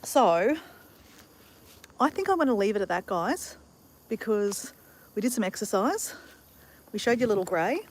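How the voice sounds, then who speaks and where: A woman's voice: medium pitch, big pitch swings, measured pace, long pauses. An Australian woman chatting upbeat to her live-stream viewers from a backyard. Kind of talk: casual live-stream chat. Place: outdoors in a backyard with chickens.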